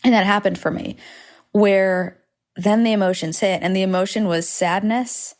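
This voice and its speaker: A podcast host in her thirties speaks in a steady, mid-range voice at a moderate pace. Recording solo at home with planes overhead, she rambles frankly through a candid monologue, swearing and tossing in self-deprecating asides.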